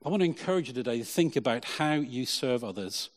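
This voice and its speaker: A man preaching a lively sermon as pastor, then leading a prayer with many repeats of "Lord". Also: mid-range voice, fast. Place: church hall. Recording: long church hall reverb.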